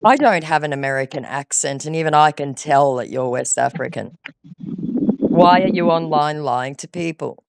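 A woman's voice: sits low, normal speed, gravelly, no echo, clean studio sound. A woman baiting a scammer on a phone call, sarcastic and patronizing, scolding him. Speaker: scam baiter.

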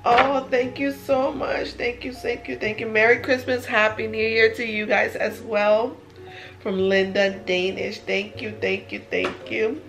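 A woman, gushing and gasping excitedly while unboxing gifts at home in a casual vlog. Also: mid-range voice. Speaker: vlogger.

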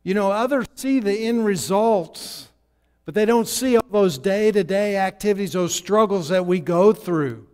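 A man preaching a sermon in a church, telling a story in a loose, conversational way with halting restarts. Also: high-pitched, a little mellow, clean tone. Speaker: guest preacher. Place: church sanctuary. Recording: long hall reverb.

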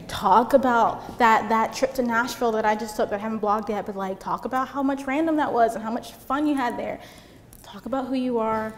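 A young woman giving a casual seminar talk, chatty and giggly, peppered with "like". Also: on the high side. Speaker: seminar speaker. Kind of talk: casual presentation to an audience. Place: seminar room, on stage. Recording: reverberant hall with faint room noise.

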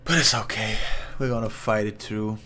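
A man giving casual, excitable, profane commentary while playing online ranked fighting-game matches. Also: lowish voice, normal speed, heavy background noise. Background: fighting game music and sound effects.

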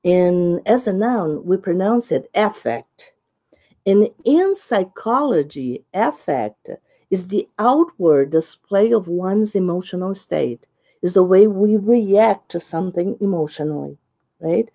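A woman with a Brazilian accent giving a teacher-training presentation, often checking in with "right?" and "okay?" and pausing with "uh" as she explains. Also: medium pitch, animated, mellow. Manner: explanatory, with many "uh" pauses. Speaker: conference presenter.

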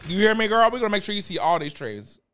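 A man streaming live, bantering with his chat in a loud, sassy, campy way and repeating phrases in bursts. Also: high-pitched, animated, fast, slight background noise. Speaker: livestreamer.

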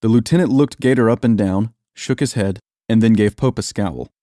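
A man reading a story aloud in steady, even scripted narration. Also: lowish voice, moderate pace, no room sound, studio quality.

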